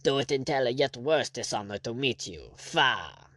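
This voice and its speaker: A man's voice: mid-range voice, very animated, normal speed, dry recording. A man voicing a haughty, arrogant French baron general, speaking with cold disdain. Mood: angry. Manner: disdainful, icy, angry.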